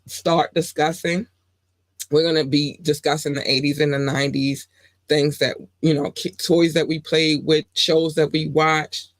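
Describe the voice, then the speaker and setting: A woman in her forties hosting a podcast, chatting casually and showering her listeners with affectionate shout-outs. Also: sits low, no echo. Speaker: podcast host.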